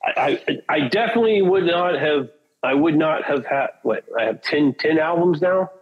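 A man with a husky, slightly raspy voice that sits a bit high for a man. He tells long, profane, rambling stories in a casual chat and acts out the lines of the people in them. He is a metal singer from Portland, Oregon. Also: lively intonation, normal speed, lo-fi sound. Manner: profane, rambling anecdotes with acted-out quotes. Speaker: guest, metal band singer.

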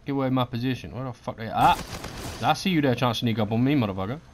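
A man's voice: medium pitch, rapid-fire, a little hiss or hum. A man giving live gameplay commentary, swearing and trash-talking as he reacts to the match. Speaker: gaming commentator.

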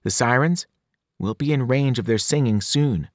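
A man's voice: mid-range voice, normal speed, no echo, studio quality, natural voice. An earnest, clever teen girl, read by a man. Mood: urgent. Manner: earnest and grim. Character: serious, clever teenage girl.

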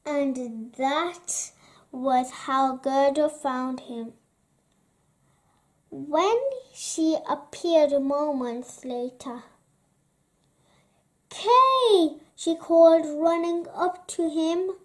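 A woman reading a children's story aloud in a gentle, expressive way. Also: high voice, extremely slow. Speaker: storybook reader.

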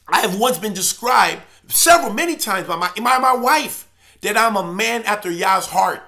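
A man preaching with a high-pitched, bright and forceful voice. He talks with great passion and hammers home his points by repeating phrases. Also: expressive, normal speed, creaky. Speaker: church elder. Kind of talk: impassioned preaching monologue.

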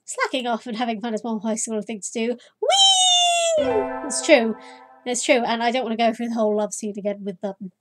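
A high-pitched woman giving casual gameplay commentary, swinging between chatty reading and loud, giddy outbursts. She tosses in sarcastic asides, with faint game music playing underneath. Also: steady tone, fast, few pauses. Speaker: let's play host.

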